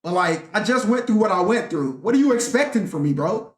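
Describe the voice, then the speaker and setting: Young guy with a high voice ranting on camera, cussing a lot, echoey room. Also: a little fast, few pauses. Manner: profane, animated, rambling. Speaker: vlogger. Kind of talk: casual rant storytelling.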